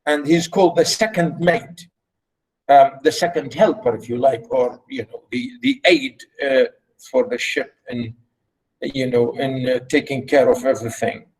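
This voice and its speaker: A male literature teacher explaining a play in a lecture, halting, with many fillers and restarts. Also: medium pitch, expressive, rough recording. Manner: halting, full of fillers and restarts, repeats himself.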